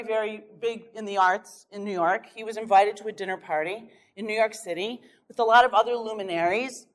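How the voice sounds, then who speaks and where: A woman giving a workshop talk, telling an anecdote in a lively, storytelling way with small chuckles. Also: medium pitch. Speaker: workshop speaker. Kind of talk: storytelling lecture.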